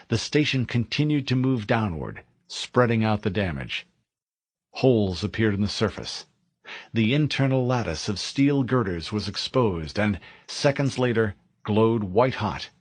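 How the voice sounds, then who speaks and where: A man narrating a military science fiction novel in a steady, dramatic audiobook reading. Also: fairly low pitch, husky, no echo.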